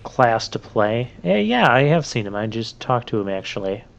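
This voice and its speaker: A man's voice: medium pitch, sing-song, normal speed, creaky. A man hosting a let's play, giving rambling, chatty gameplay commentary full of fillers. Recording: slightly muffled lo-fi mic.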